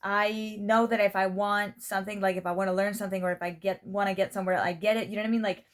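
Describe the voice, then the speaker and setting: A woman's voice: medium pitch, steady tone, fast talker. A young adult woman from Spain, a native Spanish speaker who speaks English with an American-style pronunciation. She talks candidly and ramblingly to the camera, repeating "you know what I mean" and swearing freely. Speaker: vlogger. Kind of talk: casual talk to camera.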